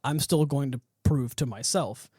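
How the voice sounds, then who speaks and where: A man hosting a podcast, telling a story with animated energy, swearing and laughing. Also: mid-range voice, normal speed, slightly rough, no room sound, studio quality. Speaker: podcast host. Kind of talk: casual chat.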